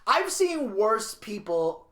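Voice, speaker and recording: A man co-hosting a podcast, casually recapping a documentary and telling stories with lively impressions. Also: high voice, slow, reverberant. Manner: animated storyteller, slips into impressions. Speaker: podcast co-host. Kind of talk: casual review chat, reading episode notes.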